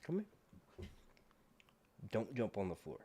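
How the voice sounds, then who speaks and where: Animated, chatty man streaming. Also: on the low side, measured pace, slight background noise. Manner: chatty, rambling, talks to his dog and viewers. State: out of breath. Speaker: livestream host. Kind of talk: casual livestream chat.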